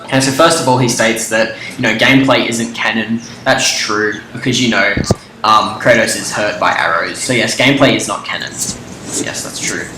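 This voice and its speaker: A man's voice: on the low side, moderate pace. A young man in casual debate chat, arguing his points firmly and swearing freely, often cutting in on his friend. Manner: argumentative, profane, interrupts often. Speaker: co-host debating game lore. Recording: roomy echo with clear background noise.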